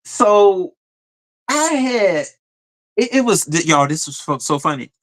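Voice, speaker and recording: Bright-voiced man chatting on a live stream. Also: sits high, takes it slowly. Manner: animated storytelling, addresses viewers as y'all, frequent fillers. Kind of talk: casual live stream chat reading comments.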